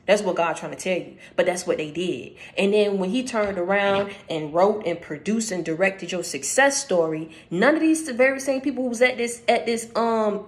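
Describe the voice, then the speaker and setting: Woman, channel host, casual spiritual talk; direct, emphatic, repetitive for stress. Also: mid-range voice. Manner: emphatic, repeats phrases for stress; conversational, addresses listener directly.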